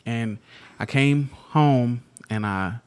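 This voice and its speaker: A man's voice: mid-range voice, slow, smooth. A man in his thirties co-hosting a podcast with his wife, telling stories in a laid-back, slangy way. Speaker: podcast co-host. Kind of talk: casual couple chat.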